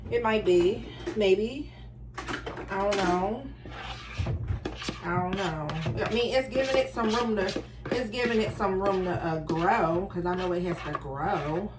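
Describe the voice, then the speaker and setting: Middle-aged philly woman talking to y'all while baking in her kitchen, casual and animated, noisy background. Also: medium pitch, measured pace. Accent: Philadelphia. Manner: talks to viewers as "y'all", animated and self-deprecating. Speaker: home cook filming herself. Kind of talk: casual chatty baking vlog. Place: home kitchen.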